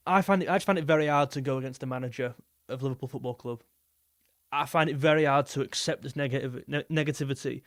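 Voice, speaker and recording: A man's voice: on the high side, no echo, studio quality. A young man hosting a live football stream, chatting casually and rambling as he reads out viewer messages. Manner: rambling, repeats himself, reads super chats aloud.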